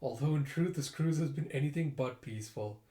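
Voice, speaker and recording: A man reading the lines of a quietly serious father from a comic, in a lower, quieter tone. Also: fairly quick, reverberant, lightly acted. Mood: calm.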